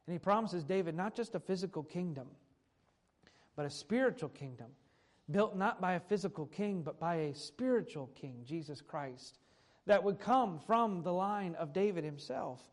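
Male preacher with a somewhat high voice, reads old scripture and then unpacks it plainly. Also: lively intonation, moderate pace. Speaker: pastor. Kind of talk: sermon with scripture reading.

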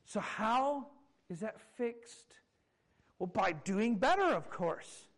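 A man's voice: sits high, animated, slow pace, poor audio. A man in his thirties, a pastor preaching a sermon, telling stories with self-mocking humor and chuckles. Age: 30s.

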